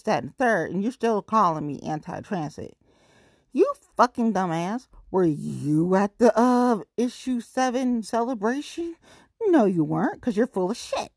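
A woman's voice: husky, dry recording, studio quality. A young adult woman, a podcast host, delivering a blunt, profane ranting monologue. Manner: blunt, swearing, big swoops in pitch.

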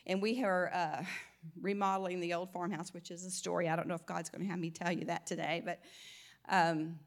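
A woman's voice: on the low side, little pitch movement, fairly quick. Southern woman giving a chatty faith teaching. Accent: slight Southern US twang. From American South. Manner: conversational, restarts phrases, laughs often. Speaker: Christian speaker.

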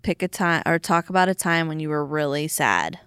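A woman's voice: deep voice, moderate pace, clean tone, dry recording, clean studio sound. A woman in her thirties in casual chat as a podcast host, telling stories animatedly and acting out quotes. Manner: animated storytelling, acts out quotes loudly.

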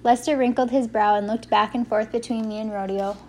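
A woman reading a first-person story aloud as an audiobook narrator, giving the characters lively voices. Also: a little high, fairly quick.

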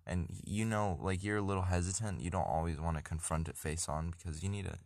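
A man's voice: low-pitched, quick pace, vocal fry, darkish tone, no echo, studio quality. A young man in casual chat, rambling with many restarts and often laughing. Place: blanket fort.

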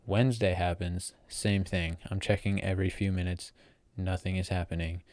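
A man's voice: sits low, flat delivery, moderate pace, a little mellow, dry recording. An eighteen-year-old young man telling a casual story in a rambling way, full of fillers and restarts. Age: teens. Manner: rambling, filler-heavy, self-correcting. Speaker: vlogger.

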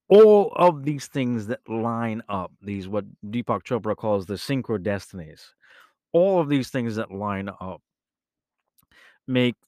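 A man hosting a podcast, telling a rambling personal story in a casual, animated way, often correcting himself mid-sentence. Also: on the low side, no room sound, studio quality. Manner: animated, rambling, with self-corrections and bursts of laughter. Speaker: podcast host.

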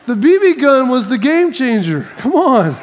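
A male preacher delivers a sermon through lively personal stories, acting out scenes and repeating key phrases for emphasis. His voice sits very high for a man. Long hall reverb trails after each line. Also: normal speed.

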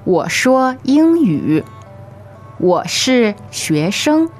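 Woman saying phrases super slowly and clearly, pitch goes all over. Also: big pitch swings, soft background music. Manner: slow, clearly enunciated. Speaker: language teacher. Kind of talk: slow model pronunciation.

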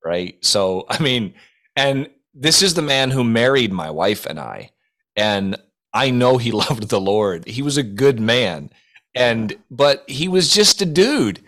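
Man, podcast co-host, deadpan mock-serious storyteller who breaks into laughter. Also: mid-range voice, takes it slowly. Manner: mock-solemn storytelling, laughing through his own jokes. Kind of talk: casual comedic chat.

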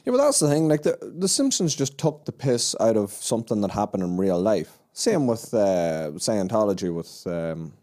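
A man's voice: on the low side, sing-song, moderate pace, few pauses, dark tone. A man co-hosting a podcast in casual chat, blunt and teasing in short remarks. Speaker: podcast co-host.

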